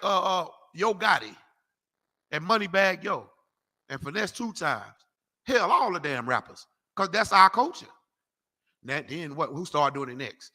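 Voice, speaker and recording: A man preaches in a loose, animated street style, driving each point home. His voice sits fairly high for a man and rings bright and forceful. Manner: animated, slangy, emphatic, calls for scripture readings. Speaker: street preacher teaching a class. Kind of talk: preaching lecture.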